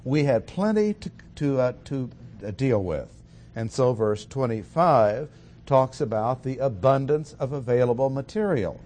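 A man preaching a verse-by-verse sermon, speaking deliberately and stressing key words, with fillers and restarts. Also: medium pitch, lively intonation, mellow. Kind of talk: expository sermon.

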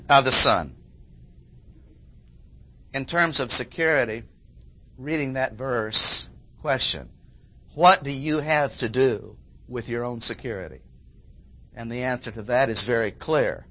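A man preaching an expository sermon, repeating key phrases for emphasis and often clearing his throat. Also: medium pitch, slow, long pauses, sharp tone.

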